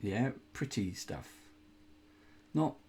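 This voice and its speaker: A man's voice: fairly low pitch, animated, extremely slow, a little mellow, breathy edge. A man hosting a casual unboxing indoors, chatty and rambling, with playful groans of disgust. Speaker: host unboxing miniatures.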